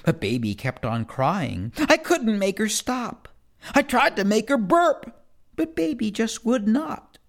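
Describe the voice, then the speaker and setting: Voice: medium pitch, very animated, slow pace. A reader performing rhyming children's poems in a first-person kid's voice, with a playful sing-song delivery.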